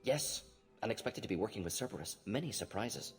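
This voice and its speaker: An actor voicing an alien male scientist doctor who speaks in rapid, clipped fragments, dropping small words, in a video game. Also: fairly low pitch, animated, soft background music, lightly acted.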